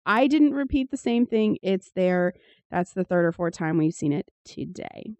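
A woman's voice: on the low side, expressive, moderate pace, a little mellow. A woman co-hosting a casual podcast, reading scripture aloud and adding sardonic, profane commentary. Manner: sardonic, swears freely, reads passages aloud with commentary. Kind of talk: casual irreverent chat.

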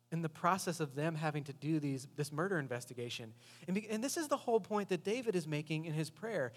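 Conversational preacher in a reverberant hall. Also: male voice, a little high, brisk. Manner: conversational, animated storytelling. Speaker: pastor. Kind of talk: sermon.

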